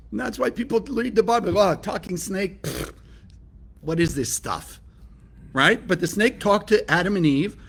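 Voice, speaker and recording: A man's voice: high-pitched, gravelly, fairly bright tone. A man from California teaching a spiritual lesson, emphatic and often asking his listeners rhetorical questions. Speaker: Kabbalah teacher.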